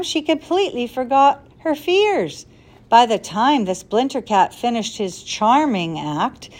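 A woman voicing a kindly, cautious older male professor, speaking in a measured, earnest way. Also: fairly high pitch. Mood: angry.

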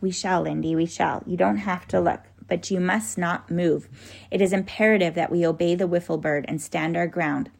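A woman voicing a calm, grave old male professor in a measured way. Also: on the low side, gravelly. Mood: soothing. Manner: measured and grim.

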